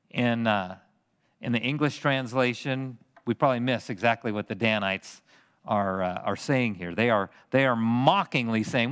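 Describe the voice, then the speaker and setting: A male pastor preaching an expository sermon in a church, talking in an animated, conversational way and joking with the congregation. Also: mid-range voice, moderate pace, big-room sound. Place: church sanctuary.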